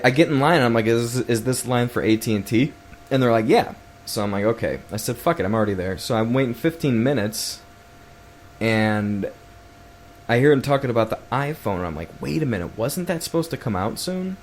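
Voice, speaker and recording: A man's voice: mid-range voice, lively intonation, moderate pace, a little hiss or hum. A man hosting his first solo podcast, telling a rambling story full of swearing and restarts. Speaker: podcast host.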